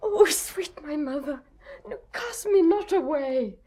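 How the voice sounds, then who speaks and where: A woman's voice: high-pitched, animated, slow, mellow. An actress playing a young noble girl in a 1970s radio drama, tearful and pleading. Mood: despairing. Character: young noble girl, desperate and defiant daughter.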